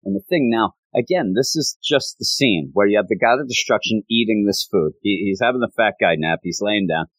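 A man's voice: lowish voice, brisk, hardly any pauses, no echo, rough recording. A man casually recapping a story in a rambling, amused way with many asides. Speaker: anime reviewer.

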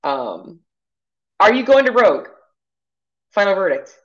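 A woman's voice: mid-range voice, very animated, unhurried, dull audio. A woman co-hosting a casual podcast, coaching her partner in a chatty, encouraging way with many fillers. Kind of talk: casual chat.

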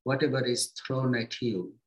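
This spiritual teacher has a mid-range voice, and the recording is rough. Gentle and unhurried, he delivers his talk in short, paused phrases, drawing on plain everyday comparisons to encourage his listeners.

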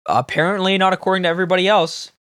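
A man's voice: sits high, fairly even intonation, very fast, a bit bright, dry recording, clean studio sound. A young man from Canada, co-hosting a podcast in casual chat, teasing and laughing in banter. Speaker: podcast co-host.

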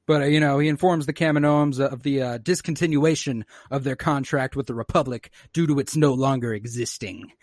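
A man casually recapping a show episode, acting out the characters' lines in quick little voices and swearing freely. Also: medium pitch, no room sound, studio quality. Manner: animated storyteller who acts out characters' lines, swears freely. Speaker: podcast co-host recapping a show. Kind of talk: casual chat.

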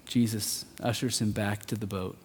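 A man's voice: fairly low pitch, fairly even intonation, moderate pace, husky. Earnest preacher man in a reverberant hall. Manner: earnest, building to emphatic peaks then dropping soft. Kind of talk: sermon.

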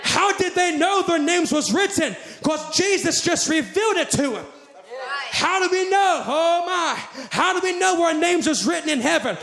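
A man preaching a fervent, shouted sermon to a congregation, repeating phrases in rhythmic refrains. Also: very high voice, animated, moderate pace, gravelly. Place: church sanctuary with congregation. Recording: echoey church hall with crowd.

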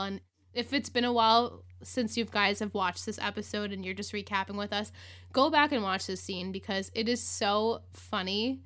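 Bright-voiced woman podcast host. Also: mid-range voice, moderate pace. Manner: chatty, lots of "like", acts out quotes, laughs. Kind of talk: casual recap chat.

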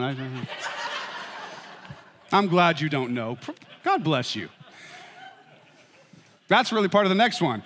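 Man, middle-aged pastor, bright voice, lively pitch, humorous sermon, long hall reverb. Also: unhurried, long pauses, slight background noise. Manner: humorous, animated storytelling.

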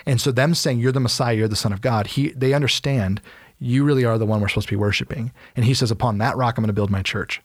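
A man talks through Bible passages on a podcast, casual and animated, slipping into the voices of the people he quotes. His voice sits at a middle pitch and sounds close and dry, with little room sound. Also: fast talker, no echo. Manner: animated storytelling, acts out quotes. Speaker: podcast co-host. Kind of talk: casual Bible teaching chat.

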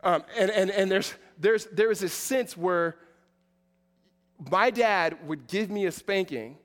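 A man's voice: high-pitched, slow pace. A man in his forties giving a sermon as pastor, conversational and self-deprecating, building to emphatic passages. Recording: long hall reverb.

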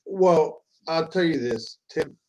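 A man hosting a casual interview, chatty and animated, often repeating words as he goes. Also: on the high side, slow pace, rough recording. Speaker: host.

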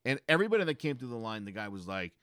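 A man's voice: medium pitch, very fast, clean tone, no echo, clean studio sound. A man in his thirties chatting casually and telling stories, with lots of restarts and repeated words. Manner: animated storytelling with frequent restarts. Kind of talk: casual chat.

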